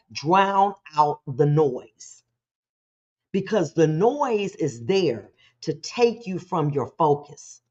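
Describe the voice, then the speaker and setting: A motivational talk show host with a voice that sits low preaches animatedly and conversationally, slipping into quick voices to act things out. The highs in the recording are cut off.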